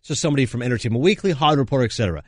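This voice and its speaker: A man co-hosting a sports radio show, chatting and telling stories in an animated way. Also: mid-range voice, racing, no echo, clean studio sound. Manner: animated storyteller. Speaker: fill-in radio co-host.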